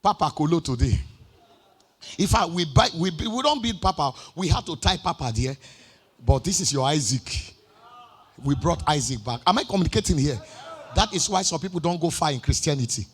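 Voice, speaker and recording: A man with a Nigerian accent preaching a sermon as pastor. He swings between chanted, shouted lines and quiet asides. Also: on the high side, expressive, fairly quick, breathy edge. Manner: shouts and sings phrases, then drops to quiet asides.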